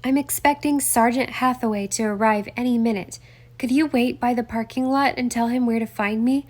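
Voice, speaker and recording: A woman's voice: a little high, steady tone, moderate pace, darkish tone, lightly acted. A woman voicing a young woman detective, polite but firm as she presses with questions.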